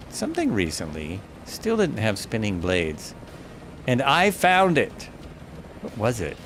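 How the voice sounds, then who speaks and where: A man's voice: fairly low pitch, slight background noise. A man streaming a flight simulator, chatting casually and thinking aloud, often stopping to correct himself. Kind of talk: casual live gameplay commentary.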